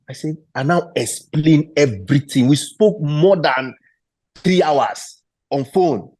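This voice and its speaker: A man in his thirties, a former footballer and interview guest, telling a story and acting out the quoted dialogue in an animated way. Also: on the high side, takes it slowly, no echo.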